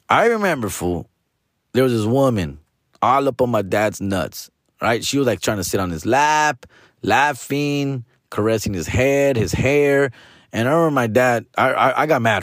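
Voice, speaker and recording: A man's voice: fairly low pitch, no room sound, clean studio sound. Profane Chicano man spinning a rambling story. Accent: Chicano English from Los Angeles. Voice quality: slangy, profane, mixes in Spanish. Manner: rambling, trails off and restarts, says "fool" and "dog" often. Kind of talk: casual storytelling monologue.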